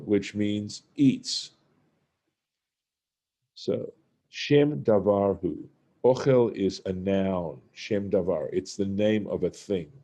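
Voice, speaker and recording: A man teaching a Torah study lesson, reading Hebrew phrases and translating them one by one in an unhurried way. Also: on the low side, mellow.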